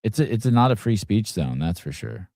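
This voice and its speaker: Man, co-host, deadpan teasing, lower pitch, dry recording. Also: a little fast, vocal fry, no echo. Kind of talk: casual chat.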